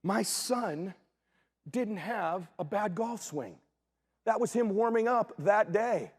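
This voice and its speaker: A middle-aged man giving a motivational keynote, telling a story with big swings from hushed asides to shouts. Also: sits high, expressive, slow, breathy edge. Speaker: motivational speaker.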